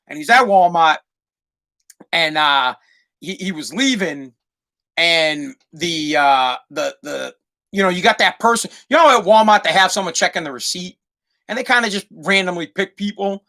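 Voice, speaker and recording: A man's voice: high-pitched, lively intonation, normal speed, sharp tone. A man from Massachusetts hosting a solo podcast, rambling through a profane comic rant and repeating himself as he goes. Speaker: podcast host.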